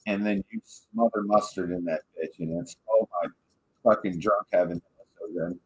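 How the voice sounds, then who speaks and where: A man's voice: fairly low pitch, steady tone, moderate pace, low-quality recording. A man from Michigan with a Michigan accent, telling a rambling, profane story in casual chat as a podcast co-host.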